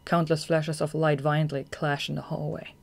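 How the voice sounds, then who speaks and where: A narrator reading a fan audiobook in an even, measured way. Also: mid-range voice, creaky.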